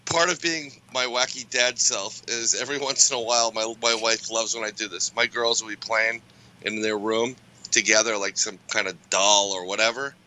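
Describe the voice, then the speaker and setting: A man's voice: lowish voice, fairly even intonation, moderate pace, sharp tone, rough recording. A man, a father, chatting casually on a livestream and joking playfully about scaring his family. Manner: playful, jokey storytelling. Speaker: father and livestream chat participant. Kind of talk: casual chat.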